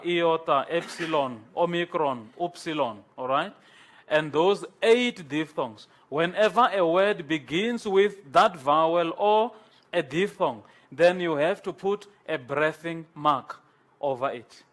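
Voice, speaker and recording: A man lecturing a class on Greek, slow and halting, with many pauses and repeated words. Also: fairly high pitch, fairly bright tone.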